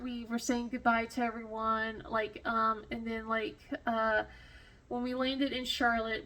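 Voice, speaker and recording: A woman vlogger telling a rambling story in casual chat, full of fillers and restarts, emotional and quick to laugh. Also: a little high, pushed and bright. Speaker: crafting vlogger.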